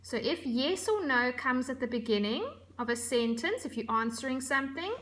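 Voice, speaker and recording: A woman teacher giving a recorded lesson to young children, speaking slowly, clearly and expressively. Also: sits high, expressive, fairly bright tone. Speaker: primary school teacher.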